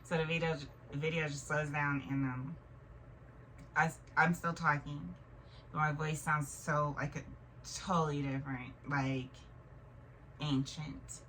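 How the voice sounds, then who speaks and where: Low-voiced woman in her 30s rambling thru a weird story, kinda far from the mic, faint hiss. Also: fairly even intonation, unhurried, long pauses, a bit bright. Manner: rambling, full of "like" and restarts. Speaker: vlogger. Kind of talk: casual storytelling monologue. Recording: distant mic with faint noise.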